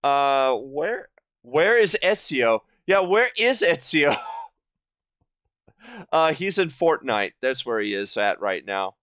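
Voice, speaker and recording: A man in his twenties giving casual commentary while playing a video game, rambling and halting with lots of fillers and restarts. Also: medium pitch, big pitch swings, a bit bright, no echo. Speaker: gaming video host. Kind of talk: casual let's-play commentary.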